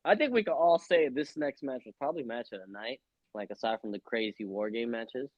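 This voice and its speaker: A young man co-hosting a casual wrestling podcast, loud and joking, often slipping into mocking voices. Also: mid-range voice, brisk, no echo, muffled recording. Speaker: podcast co-host.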